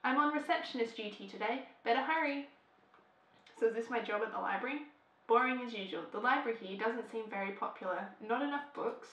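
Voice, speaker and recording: A woman's voice: fairly high pitch, a little fast, fairly bright tone, lo-fi sound. A woman hosting a casual let's play, chatty and giggly as she reads the game text aloud. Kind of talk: casual gameplay commentary. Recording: echoey room with background music.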